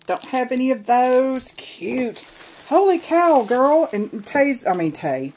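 A woman's voice: high voice, big pitch swings, takes it slowly, a little mellow, slight background noise, rough recording. A woman chatting through a casual unboxing vlog at home, gushing over craft supplies. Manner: gushing and chatty, addressing viewers as y'all. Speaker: crafter opening a swap box.

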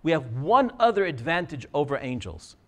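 Man, middle-aged, high voice, very lively pitch, storytelling talk, acts out dialogue. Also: moderate pace. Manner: animated, acts out quoted dialogue. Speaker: scribe giving a talk. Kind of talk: personal storytelling.

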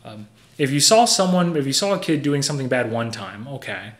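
A man's voice: medium pitch, big pitch swings, a little fast. A young man preaching a sermon in a conversational, earnest way, explaining with everyday examples. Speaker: pastor.

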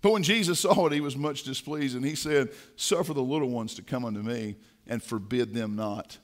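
A man preaching a sermon in a church, swinging from quiet asides to fiery shouting. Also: medium pitch, fairly quick. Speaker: pastor. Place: church sanctuary.

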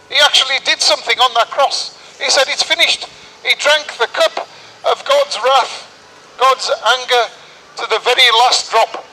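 Man preaching outdoors on a street; very high, sharp, bright voice; urgent, insistent sermon delivery. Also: rough recording. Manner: urgent preaching with repeated rhetorical questions. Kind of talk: open-air sermon.

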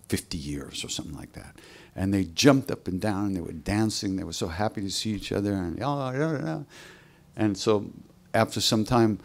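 A man telling a spiritual story at a live workshop in a relaxed, conversational way, acting out the voices of the people in it. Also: deep voice.

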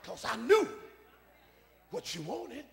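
A man a call-and-response sermon, repeating his phrases and swinging from soft asides to shouts. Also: very high voice, sing-song, slow, gravelly. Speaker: preacher. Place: church sanctuary. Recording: preaching in a reverberant church hall.

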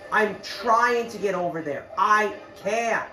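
A man's voice: high-pitched, slow pace, sharp tone, slight background noise. A man giving let's play gameplay commentary, frustrated, swearing and muttering to himself while playing. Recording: roomy echo with game music. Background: game music.

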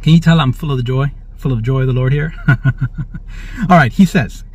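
A fast-talking man with a medium-pitched, darkish voice and no room sound presents prophetic religious commentary. Jubilantly, he reads the news, inserts praise, and keeps asking "all right?" to his listeners. Audio quality is dry, dull, and lo-fi.

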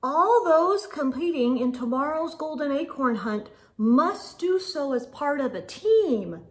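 A woman's voice: high-pitched, very animated, unhurried. A woman voicing a beaver in a storybook reading, reading a notice aloud. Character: plain-spoken forest beaver.

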